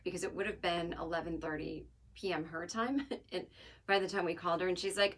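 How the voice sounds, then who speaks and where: A woman in her forties hosts her own podcast, telling a personal story in a loose, conversational way. Her voice sits a little low, and she drifts into chatty, self-deprecating asides as she goes. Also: steady tone, fairly quick. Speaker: podcast host. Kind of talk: casual storytelling monologue.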